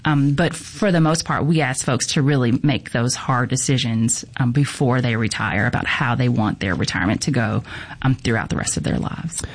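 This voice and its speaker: A compliance counsel guesting on a call-in radio show, explaining procedures in a measured way. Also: mid-range voice.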